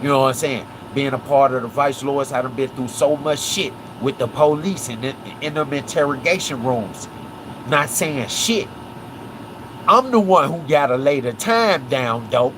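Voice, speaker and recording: Against a noisy background, a Memphis man with a medium-pitched voice hosts a casual livestream at normal speed. He animatedly breaks down a case, repeatedly tossing in "right?" and "watch this."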